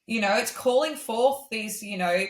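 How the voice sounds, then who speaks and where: A woman's voice: a little high, normal speed. Chatty woman in an echoey room. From Australia. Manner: chatty, animated, acts out quoted voices. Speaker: podcast guest, singer-songwriter. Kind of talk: casual chat. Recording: roomy echo.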